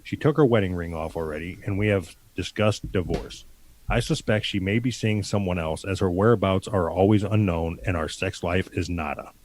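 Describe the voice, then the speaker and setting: A man's voice: deep voice, normal speed, a little mellow, slight background noise. A man co-hosting a podcast, reading out a listener letter and giving blunt, crude answers in casual chat. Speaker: podcast co-host.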